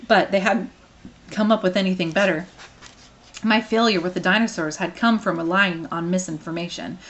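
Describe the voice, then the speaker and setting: A woman reading a children's novel aloud, expressive and playful. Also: lowish voice. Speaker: reader.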